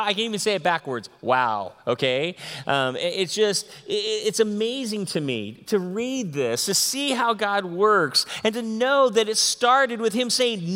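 A man preaching a sermon, reading scripture aloud and swinging between excited outbursts and soft, hushed asides. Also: high voice, normal speed, hardly any pauses. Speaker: pastor. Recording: long hall reverb.

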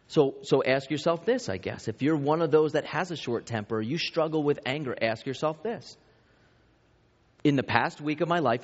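A pastor in his thirties or forties preaching a sermon in a conversational way, telling anecdotes about his own family. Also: mid-range voice. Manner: conversational, with self-deprecating family anecdotes and many restarts. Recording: reverberant hall, dull lo-fi sound.

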